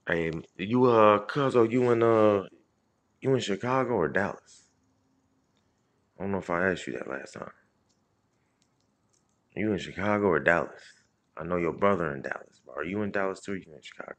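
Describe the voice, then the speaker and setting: A comedian from Indianapolis, Indiana, with a very deep voice hosts a livestream and tells a loose story. He speaks at normal speed with long pauses, in a profane street-storytelling style full of restarts and shout-outs.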